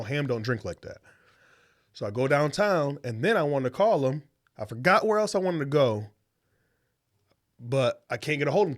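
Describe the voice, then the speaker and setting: A young adult man, a podcast co-host, telling a story in casual chat, swearing freely and acting out the voices of people he quotes. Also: medium pitch.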